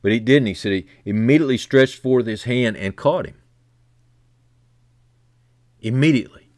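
At a moderate pace, a man preaching builds from quiet, low lines to loud, fervent high points, echoing key phrases for emphasis. The studio-quality recording has no echo.

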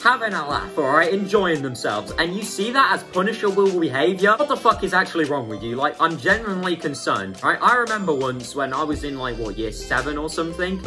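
A man's voice: high-pitched, pushed and bright. A man with a British accent giving profane, sarcastic reaction commentary as a video host.

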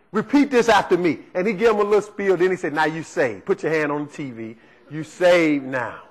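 A man's voice: high-pitched, fairly bright tone, poor audio. A man preaching a sermon, emphatic and leaning on rhetorical questions to the congregation.

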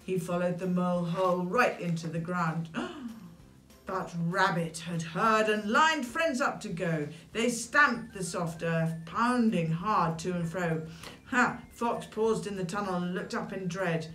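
British woman in her sixties, animated picture-book reader, echoey room. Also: fairly low pitch, a little slow, hardly any pauses. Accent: British English. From England. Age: 60s. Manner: animated, expressive, with dramatic gasps. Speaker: children's story reader. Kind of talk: reading a rhyming picture book aloud.

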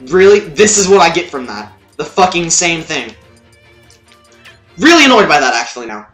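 A young man commentating his own gameplay, swearing, yelling and muttering at the game. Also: a little high, very animated, normal speed, reverberant, faint music behind. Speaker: let's play gamer.

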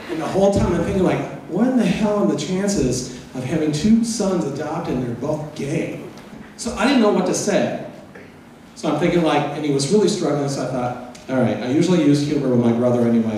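A man's voice: on the high side, a little fast, mellow, slight background noise. A middle-aged man giving a personal storytelling lecture, candid and mixing in humor. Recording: echoey hall, voice from far off.

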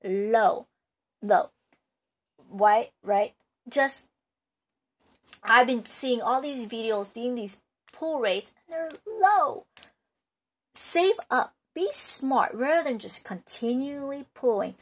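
A woman's voice: on the high side, slow pace, long pauses. A woman collector giving unscripted advice in a vlog, rambling and emphatic, with many restarts. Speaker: card collector and video maker.

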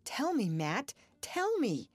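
A woman's voice: lowish voice, lively intonation, measured pace, dry recording. A woman voicing a troubled, yearning young farmer, speaking in an earnest, pleading way in an audiobook.

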